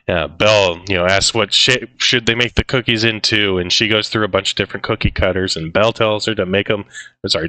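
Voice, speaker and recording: A man with a somewhat low, sharp-toned voice co-hosts a casual film podcast, recapping scenes in a relaxed way, quoting lines and using lots of filler words. The recording is dry with no room sound, but the audio quality is poor.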